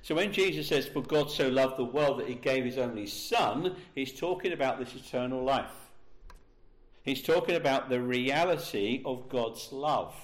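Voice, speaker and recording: A man preaching a sermon, slowing down and leaning hard on the key words for emphasis. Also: medium pitch. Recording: roomy echo.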